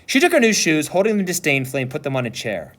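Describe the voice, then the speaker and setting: A man, a teacher, reading a novel aloud with expressive storytelling. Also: a little high, quick pace.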